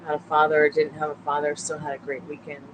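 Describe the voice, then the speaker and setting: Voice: medium pitch, completely flat delivery, quick pace, background noise. A tarot reader hosting a casual late-night live stream from a couch at home, chatting with viewers and the dog, sleepy and yawning.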